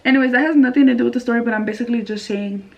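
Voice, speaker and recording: A young woman from California tells a casual storytime in a chatty, slightly high voice, swearing freely and acting out what others said. The recording sounds a little dull and lo-fi. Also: racing, a little mellow. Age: young adult. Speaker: vlogger.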